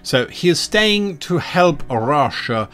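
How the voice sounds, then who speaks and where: A man's voice: fairly high pitch, big pitch swings, slow, fairly bright tone, soft background music. A man, a game master, explaining how he designed a tabletop adventure, rambling with many asides.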